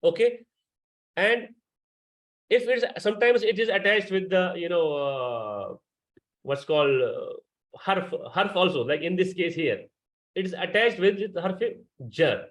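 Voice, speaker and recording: A man's voice: high-pitched, animated, unhurried, muffled recording. A man teaching a Quran class, patiently explaining grammar and quizzing his students. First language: Urdu.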